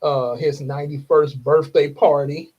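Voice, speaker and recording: A man's voice: fairly high pitch, flat delivery, unhurried, a little mellow. A young man, hosting a casual livestream, rambling with frequent chuckles and fillers. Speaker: livestream host. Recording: dull lo-fi stream audio.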